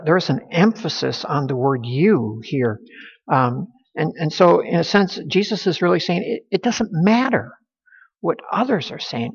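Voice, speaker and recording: Husky-voiced man preaching in an echoey hall. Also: on the high side. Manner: earnest, with frequent repeated words and restarts. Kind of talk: sermon. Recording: echoey, slightly dull hall recording.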